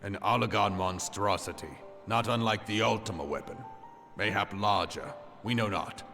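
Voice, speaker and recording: A deep-voiced grave elder scholar. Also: male voice, gravelly, sharp tone, faint music behind. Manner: formal archaic phrasing, measured delivery. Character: grave, learned male elder explaining ancient weapons. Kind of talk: video game cutscene voice acting.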